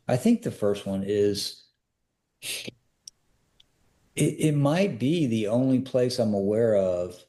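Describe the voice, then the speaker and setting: On a podcast, a man with a warm, fairly low voice tells stories from his work as a personal security expert. The interview is casual, but his delivery is earnest and emphatic, and he keeps pressing listeners with repeated questions.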